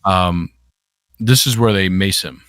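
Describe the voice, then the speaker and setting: A man's voice: deep voice, slow pace, very noisy. A man co-hosting a podcast, commenting casually on video clips and often restarting his sentences. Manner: rambling, many restarts. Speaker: podcast co-host.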